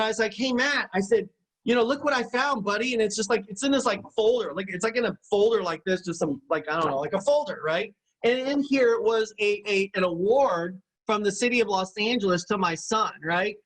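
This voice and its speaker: A man's voice: high-pitched, a bit bright, poor audio. A middle-aged man giving a motivational business teaching talk, emphatic and repetitive, often checking in with his listeners. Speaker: business coach.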